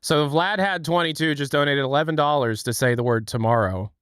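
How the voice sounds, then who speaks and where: Co-host, easygoing man, smooth voice, rambling, laughs at himself. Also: fairly high pitch, brisk, a bit bright, no room sound, clean studio sound. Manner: laughing, rambling, self-mocking. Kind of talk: casual livestream chat.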